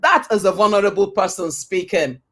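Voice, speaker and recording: A woman's voice: mid-range voice, animated, normal speed. A woman giving a motivational talk. She speaks emphatically, repeats her points, asks rhetorical questions and sometimes quotes scripture like a preacher.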